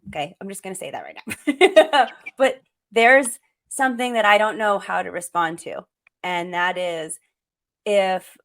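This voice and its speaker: A woman's voice: mid-range voice, a bit bright. A woman hosting a parenting podcast who talks openly and earnestly as she asks her guest questions. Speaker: podcast host. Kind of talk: conversational interview.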